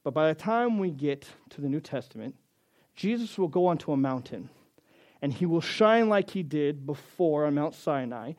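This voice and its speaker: A middle-aged male pastor preaching with a fairly high voice for a man. He acts out the figures he quotes, swinging between loud outbursts and hushed asides, and keeps a casual, conversational tone with his congregation. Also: normal speed. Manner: animated, acts out the scripture and quotes with shifting voices. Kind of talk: sermon.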